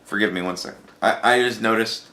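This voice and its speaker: A man's voice: on the low side, brisk, sharp tone, echoey room. A man hosting a podcast, telling a profane story in a casual, ranting monologue. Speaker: podcast host.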